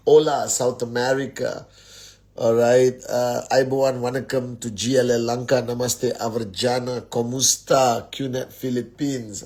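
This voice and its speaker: A man's voice: mid-range voice, creaky. Upbeat man hosting a live stream. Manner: upbeat, rattles off greetings to many viewers. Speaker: host of a network marketing live stream. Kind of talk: casual live-stream greetings and motivational talk. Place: at home, indoors.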